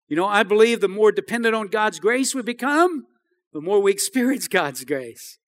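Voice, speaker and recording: Preaching at a moderate pace, this pastor has a high-sitting voice with lively intonation. His sermon is emphatic, with repeated phrases and frequent calls for an "Amen" from the congregation.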